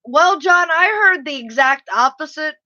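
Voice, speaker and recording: A woman's voice: high voice, expressive, a little slow, sharp tone, muffled recording. A woman hosting a casual live stream, reading chat aloud and telling stories with lots of laughter.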